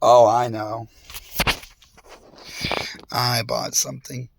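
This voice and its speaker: Gravelly man ranting profanely. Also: medium pitch, level tone, slow pace, noisy background. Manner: profane, confrontational, rambling. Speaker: vlogger. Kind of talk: rambling monologue rant.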